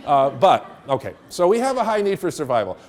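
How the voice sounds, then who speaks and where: A middle-aged man giving a workshop lecture to teachers in a room with an audience, telling stories in an animated way and laughing along. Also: fairly high pitch, fairly quick. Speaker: teacher trainer.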